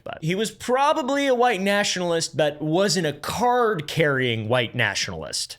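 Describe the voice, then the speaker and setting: A man's voice: high voice, very animated, normal speed, few pauses, fairly bright tone, faint music behind. A man hosting a casual explainer, narrating a story and breaking off into sarcastic, crude joking asides. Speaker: YouTube host.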